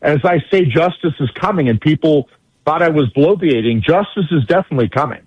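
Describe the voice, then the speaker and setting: A man with a somewhat high voice takes the combative side of a radio interview. He is blunt and hammers every point through repetition. His voice is husky and close, dry, and dulled as if it came over a lo-fi line. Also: expressive, brisk, no echo. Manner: blunt, emphatic, repeats phrases for force. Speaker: guest legal commentator.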